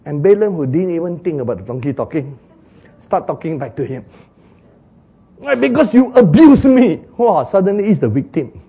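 Male preacher, husky, high and swooping, slow, playful storyteller; muffled lo-fi sound. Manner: animated, laughing, acts out the donkey and Balaam in exclaiming voices. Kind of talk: sermon storytelling.

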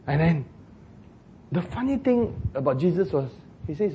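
A man preaching a sermon, telling a story with jokes, acted shouts and laughter. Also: fairly high pitch, sing-song, normal speed, pauses often, a little hiss or hum.

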